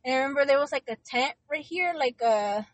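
A woman's voice: high voice, fairly quick, no echo. A young woman co-hosting a podcast, telling a story in rambling casual chat with lots of fillers. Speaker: podcast co-host.

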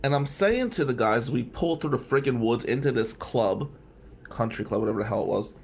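A man's voice: mid-range voice, lively intonation, fairly quick, a little mellow. Wry man telling a rambling story. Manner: digressive, profane, wry asides. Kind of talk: casual storytelling monologue.

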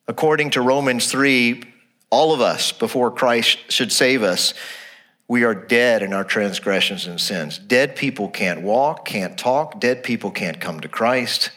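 Animated male pastor preaching. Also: medium pitch. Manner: animated preaching, repeats phrases, asks rhetorical questions. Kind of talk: sermon.

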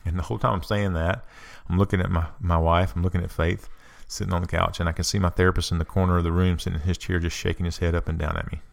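A man's voice: low voice, little pitch movement, fast, creaky, hardly any pauses. A middle-aged man giving an earnest, confessional self-help talk, telling personal stories and repeating phrases for emphasis.

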